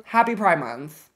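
A woman with a lowish voice plays a game on a live stream. She shrieks, swears, and reacts with loud drama while talking to her viewers and thanking those who subscribe.

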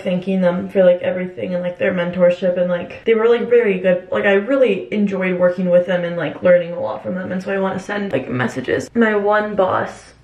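Tearful young woman vlogging from afar. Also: mid-range voice. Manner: halting, many fillers and restarts. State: tearful, crying on and off. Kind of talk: confessional vlog talk. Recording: roomy echo from a distance, faint noise.

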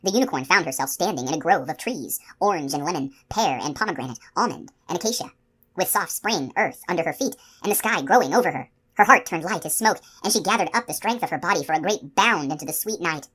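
A woman reads a novel aloud as an audiobook narrator. Her voice sits low, and she tells the story in a steady, expressive way. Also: quick pace, breathy edge.

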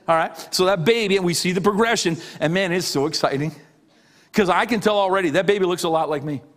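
A middle-aged man, a pastor, preaching a sermon with emphatic repetition, dropping low on key lines. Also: fast, fairly bright tone.

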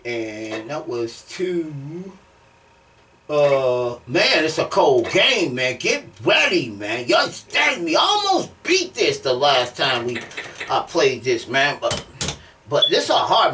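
A man giving excited commentary over a fighting game he is playing. He often breaks into shouts and keeps asking his viewers whether they understand him. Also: medium pitch, a little hiss or hum. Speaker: gameplay streamer. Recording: voice distant from the mic.

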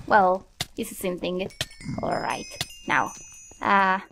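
A young woman commentating her own gameplay, nervous and easily startled, yelping at scares and talking herself calm. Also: medium pitch, slow pace, long pauses, faint music behind. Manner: jumpy, nervous, yelps and laughs at scares. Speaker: Minecraft let's-play host.

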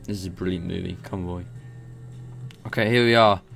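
A man's voice: low-pitched, a little fast, creaky, faint music behind. Rambling young man narrating his gameplay. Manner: rambling, excitable, swears and laughs. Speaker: gameplay commentator. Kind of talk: casual gameplay commentary.

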